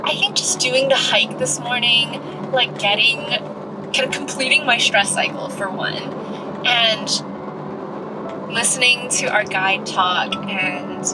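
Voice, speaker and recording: A woman's voice: fairly high pitch, slow, heavy background noise. A woman travel vlogger talking casually to her viewers from a car while she drives, giddy and emotional. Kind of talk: casual vlog talk to camera.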